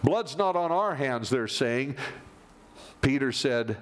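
A man preaching a sermon, animated, moving from loud emphasis down to near-whispers. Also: medium pitch, slow pace. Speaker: pastor.

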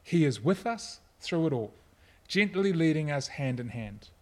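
A middle-aged man preaching a sermon, earnest and personal, at times soft and reflective. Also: fairly high pitch, very animated, a little slow. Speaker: pastor.

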